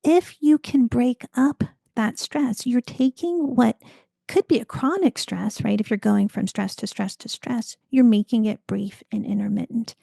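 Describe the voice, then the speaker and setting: A woman guest expert in an interview, explaining health science in an informative, measured way. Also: fairly high pitch, creaky, warm tone, husky, dry recording.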